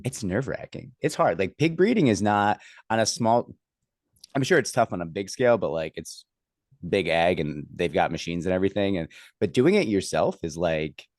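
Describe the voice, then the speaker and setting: A man's voice: sits low, very animated, moderate pace, darkish tone, no echo, studio quality. A man hosting a casual chat, rambling with many fillers and restarts. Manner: acts out others' lines when telling a story.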